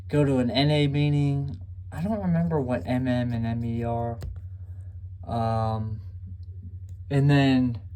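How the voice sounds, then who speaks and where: A young man chats to camera from a room at home, his story wandering with fillers and false starts. He turns self-deprecating now and then, and his voice sits at an ordinary middle pitch. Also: warm tone, a little hiss or hum. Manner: rambling, self-deprecating, with many fillers and restarts. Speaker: vlogger.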